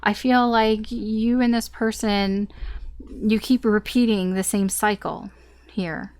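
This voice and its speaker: A woman's voice: medium pitch, fairly even intonation, takes it slowly, a little mellow. A woman reading tarot in a casual, unscripted way. She is candid and blunt and talks straight to the listener. She swears here and there as she lays out the cards. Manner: candid and blunt, swears, laughs between points. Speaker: tarot reader.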